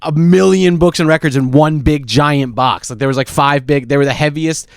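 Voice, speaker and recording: A man's voice: a little high, normal speed, gravelly, clean tone, no room sound, clean studio sound. A man in his thirties, a podcast co-host, rambling through a long anecdote with many fillers. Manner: rambling storyteller, lots of fillers. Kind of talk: casual chat.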